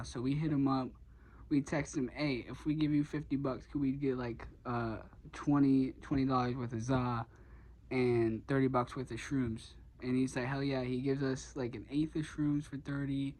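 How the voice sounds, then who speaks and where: A man's voice: medium pitch, poor audio. A young man casually telling a personal story, rambling with lots of fillers and swearing. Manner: rambling, filler-heavy, profane, gets heated. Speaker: vlogger.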